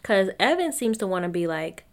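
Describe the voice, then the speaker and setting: A young woman recapping a reality show in a casual, chatty way, full of opinions and quick laughs. She calls her listeners y'all and talks to them like friends, in a voice of middle pitch. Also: big pitch swings.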